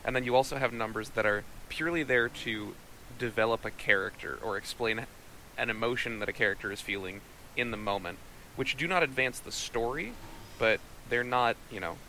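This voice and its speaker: A man in casual chat, explaining his points in a measured, dryly understated way. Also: medium pitch, gravelly, pushed and bright, slight background noise, poor audio. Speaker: co-host reviewing a movie.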